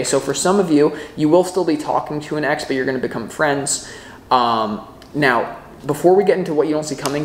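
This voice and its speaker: A man giving a casual tarot reading to camera, excitable and rambling, often breaking off mid-thought. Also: medium pitch, roomy sound, slight background noise. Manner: rambling, excitable, self-interrupting. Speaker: tarot reader.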